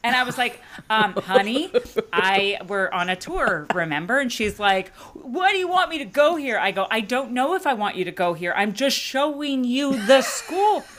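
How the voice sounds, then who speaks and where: A middle-aged woman and mother telling a comic story in casual chat, acting out her daughter and herself in sudden high, laughing voices. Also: normal speed, slight background noise. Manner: animated, acts out quotes with big pitch jumps, laughing.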